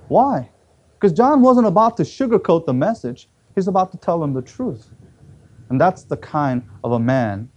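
Man, preacher, animated sermon, emphatic repeats, storytelling voice. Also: fairly high pitch. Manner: animated storytelling with acted quotes and emphatic repetition.

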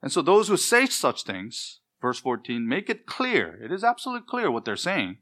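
A man's voice: on the high side, wildly swooping pitch, moderate pace, fairly bright tone. A middle-aged man preaching an expository sermon, earnest and emphatic, building his points in repeated lists.

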